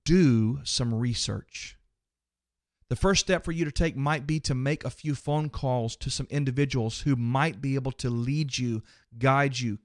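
Addressing his listeners head-on, this man preaches motivationally on his podcast, using repeated phrases to build rhythm and emphasis. He's both host and preacher, with a mid-range voice in a dry, clean studio recording.

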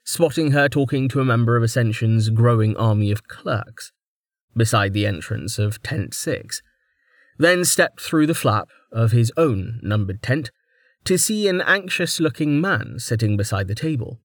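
A man's voice: mid-range voice, expressive, a little slow, dry recording. Man narrating an audiobook, dry close sound.

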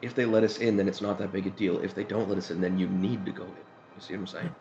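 Fast-talking low-voiced male player. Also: steady tone, darkish tone, lo-fi sound, slight background noise. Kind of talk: casual tabletop play.

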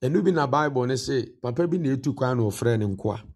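A man's voice: mid-range voice, expressive, brisk, a little mellow, husky. A Ghanaian man preaching a morning devotion sermon. He mixes Twi and English and repeats key phrases for emphasis. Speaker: pastor.

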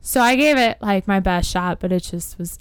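A woman's voice: mid-range voice, normal speed, clear, resonant tone, no echo, clean studio sound. A woman guest chatting casually on a podcast and telling stories. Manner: chatty, storytelling with playful put-on voices. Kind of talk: casual chat.

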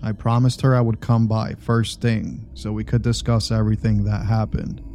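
Low, mellow-voiced male story narrator. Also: little pitch movement, moderate pace, slight background noise. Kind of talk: scripted first-person narration.

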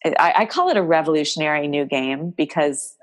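A woman's voice: deep voice, animated, brisk. A woman guest in an interview, telling a personal story in a rambling, emotional way with many restarts. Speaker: guest, game creator.

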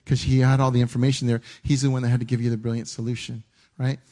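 Conversational male preacher, animated. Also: medium pitch, fast. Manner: conversational, animated, stumbling restarts and acted-out inner dialogue. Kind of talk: sermon. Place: church stage.

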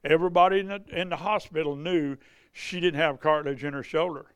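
Telling healing stories from the pulpit, this revival preacher keeps it folksy and chatty, circling back and restarting his sentences. He speaks a little fast in a fairly high, clean voice with fairly even intonation, captured in a dry recording.

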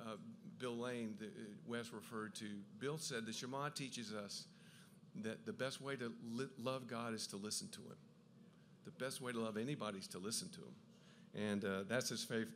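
A man's voice: mid-range voice, fairly bright tone, slight background noise. Eager man lecturing on scripture. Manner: enthusiastic, quick asides, frequent restarts. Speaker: Bible teacher giving a talk. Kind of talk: lively lecture on the Gospels.

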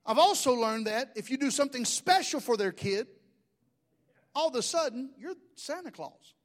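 A man's voice: very high voice, animated, normal speed. A middle-aged man, preaching a sermon in a folksy, joking storytelling way. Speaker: pastor.

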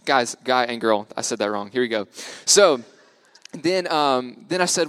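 This man in his 20s from the United States has a medium-pitched, animated, unhurried voice with a fairly bright, clean tone and no room sound. As a young church speaker, he tells stories in a casual sermon, cracking self-deprecating jokes and laughing frequently.

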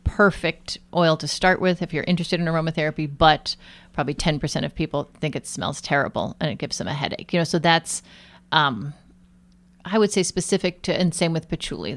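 Woman interviewee, healthcare guest; deep, slightly fried voice; relaxed, animated, rambling delivery. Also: vocal fry. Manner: chatty, animated storytelling with many fillers. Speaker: nurse and aromatherapist guest. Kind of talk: casual interview chat.

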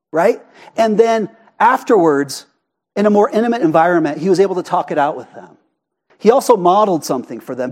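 Animated high-voiced preacher. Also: male voice. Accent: Arizona. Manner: animated and conversational, often asking the congregation questions. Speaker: pastor. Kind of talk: sermon. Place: church sanctuary.

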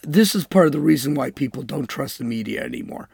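A man's voice: medium pitch, animated, fast, vocal fry, a little mellow, husky, no echo, studio quality. A man hosting a political commentary show, talking in an emphatic, sarcastic monologue and mocking with air quotes. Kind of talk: opinionated monologue.

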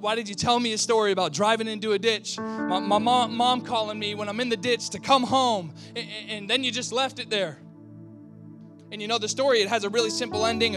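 A male pastor preaching a sermon, calling out to the congregation, swinging from loud outbursts to quiet, close talk. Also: sits high, fast talker, music in the background. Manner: animated, swings between shouting and quiet; talks back and forth with the congregation.

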